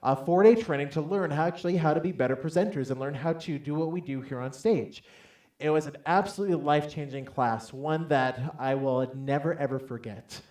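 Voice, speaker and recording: A man giving a motivational talk from a stage to a live audience, telling a personal story with lively acted-out dialogue and calling on the crowd to answer. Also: a little high, brisk, echoey room. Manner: animated storytelling, acts out dialogue loudly, calls for audience responses. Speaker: motivational speaker. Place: large hall on stage.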